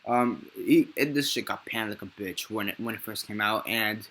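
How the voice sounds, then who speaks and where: A man's voice: lowish voice, normal speed, fairly bright tone. A man giving a casual, unscripted movie review, rambling and swearing freely and often correcting himself mid-sentence. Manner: rambling and profane, with frequent self-corrections.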